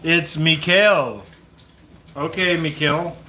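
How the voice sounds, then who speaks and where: A man co-hosts a stream and trades crude, joking banter. His voice sits slightly high. He sounds roomy and echoey, with clear background noise. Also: slow pace. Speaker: co-host. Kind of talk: casual chat.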